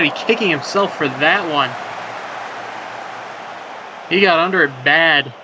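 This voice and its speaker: Here a male play-by-play commentator calls a simulated soccer match in a slightly high voice, speaking slowly and pausing often. He jokes and rambles between plays and surges on chances, with background noise in the recording.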